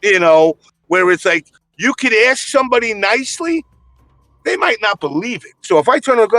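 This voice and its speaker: A man's voice: high voice, big pitch swings, moderate pace, sharp tone, no echo. A man in casual podcast chat, telling stories in a blunt, profane way.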